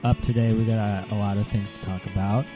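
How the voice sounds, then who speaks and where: A man's voice: on the low side, flat delivery, fast, over music. A man hosting a solo podcast rant, sarcastic and dismissive, and sounding a bit under the weather. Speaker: podcast host.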